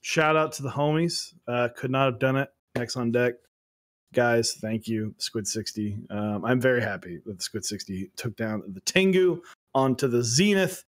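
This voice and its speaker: A man's voice: medium pitch, normal speed. A young man co-hosting a casual livestream chat, laid-back, telling stories and acting out the people he quotes. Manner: laid-back storytelling, acts out quoted kids. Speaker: co-host.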